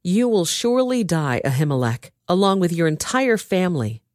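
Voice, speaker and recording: A woman voicing a furious, suspicious king who shouts accusations at his officers, in a dramatized reading. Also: medium pitch, expressive, normal speed, dry recording, studio quality, natural voice. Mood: enraged.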